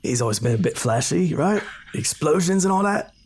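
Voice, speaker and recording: A man playing in a tabletop game, calm and joking dryly. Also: on the high side, fairly quick, slight background noise. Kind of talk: casual chat.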